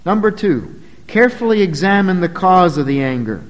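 A man's voice: sits high, very animated, normal speed, in a large hall, rough recording. A pastor preaching a sermon, earnest and emphatic, speaking directly to his congregation.

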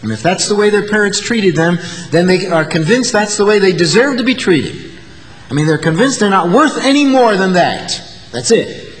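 A man's voice: high voice, lively intonation, normal speed, long reverb tail, soft background music, rough recording. A male pastor delivering an earnest sermon, building to emphatic peaks. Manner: earnest, rising to emphatic peaks, acting out quoted insults.

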